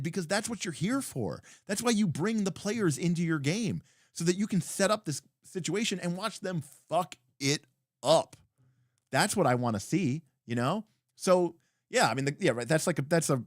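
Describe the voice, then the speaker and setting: A man on a livestream talk show telling a tabletop game story in a rambling, animated way, full of fillers and restarts. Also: a little high, no room sound, studio quality. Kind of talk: casual livestream chat.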